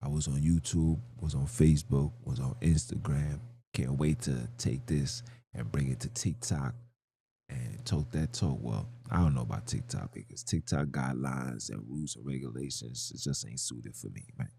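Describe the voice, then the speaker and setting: A man's voice: extremely low pitch, normal speed, vocal fry, dark tone, a little hiss or hum. A man hosting a livestream podcast, delivering an argumentative monologue full of slang and rhetorical questions. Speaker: podcast host.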